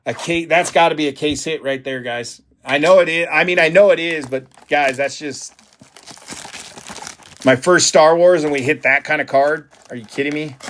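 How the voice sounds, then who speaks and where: Hyped male stream host running a card break, slightly higher voice, talks straight to viewers. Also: slight background noise. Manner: excitable, hyped, chatty with viewers.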